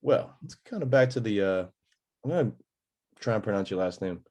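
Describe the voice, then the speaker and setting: A man's voice: lowish voice, expressive, brisk, background noise. A young man hosting a podcast, chatting in a laid-back, slangy, joking way. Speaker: podcast host. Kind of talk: casual chat.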